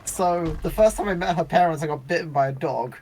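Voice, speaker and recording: Animated swearing storyteller woman. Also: deep voice, fairly quick. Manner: animated, swears, acts out quoted voices. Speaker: streamer telling stories while playing. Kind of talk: casual storytelling chat.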